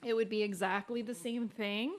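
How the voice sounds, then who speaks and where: A woman's voice: on the high side, steady tone, moderate pace, a little hiss or hum. Upbeat woman hosting a kids' music show. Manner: upbeat, explains patiently, sings note sounds. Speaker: host and cellist. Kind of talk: children's music stream, explaining.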